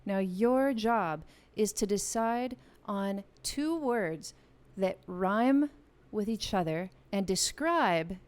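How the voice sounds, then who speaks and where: A woman's voice: medium pitch, expressive, takes it slowly, hardly any pauses, a little mellow. Playful, chatty woman hosting a live online game, talking straight to viewers on a studio mic. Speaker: music channel host running a live game. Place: home music room with a piano. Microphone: studio vocal mic.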